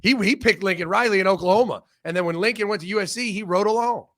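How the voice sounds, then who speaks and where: A man from Ohio, a former football coach, chatting as a guest and telling profane, animated stories. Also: sits high, quick pace. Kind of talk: casual sports chat.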